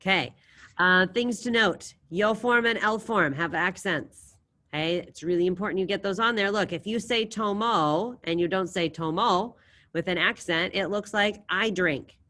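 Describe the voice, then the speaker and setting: A woman's voice: lowish voice, a bit bright. A woman teaching a language class over a video call, encouraging her students and drilling verb endings aloud. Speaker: Spanish teacher. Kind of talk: online class lesson.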